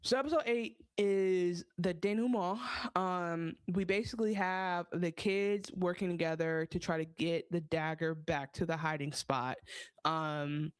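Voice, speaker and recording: Woman, podcast co-host, casual recap talk, animated, acts out lines, dry close sound. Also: lowish voice, unhurried, clear, resonant tone, no echo.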